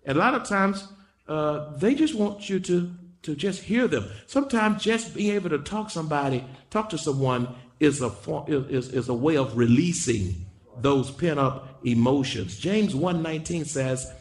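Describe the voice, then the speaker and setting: A man's voice: a little high, animated, normal speed. A male pastor preaching a sermon, repeating key lines and calling on the congregation to say them back. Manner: preaching with repetition and call-and-response.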